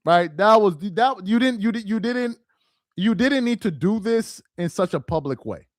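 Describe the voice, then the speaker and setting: A man's voice: high-pitched, animated, moderate pace, dry recording, clean studio sound. A man hosting a live stream, talking in loose slangy commentary and repeating himself for emphasis.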